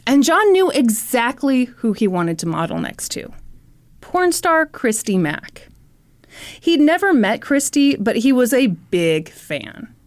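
High-voiced woman telling a story. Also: very animated, slow pace. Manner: profane, wry and teasing. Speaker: podcast host. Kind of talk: casual storytelling chat.

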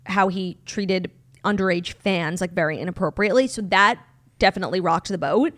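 A woman co-hosting a podcast, talking in a chatty, animated way with lots of "like". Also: fairly low pitch, brisk. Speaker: podcast co-host. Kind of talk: casual chat.

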